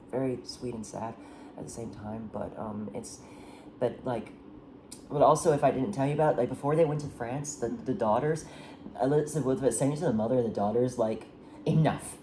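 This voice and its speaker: A woman's voice: rumbling low, warm tone, a little hiss or hum. A woman casually retelling the plot of a historical drama, rambling with many restarts and fillers. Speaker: storyteller recapping a historical drama. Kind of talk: casual chat.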